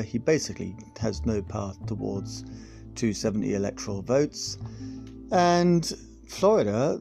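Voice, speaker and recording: A male podcast host talking through a comic political monologue, sarcastic and sweary, wandering into asides. His voice is gravelly and his pitch jumps around a lot. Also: dark tone.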